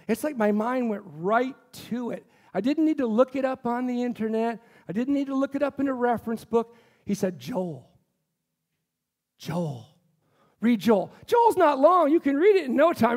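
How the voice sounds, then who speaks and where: A notably high-voiced male pastor, his tone a little mellow, gives a fervent sermon in a church sanctuary. Again and again he turns to the congregation with questions, driving his point home.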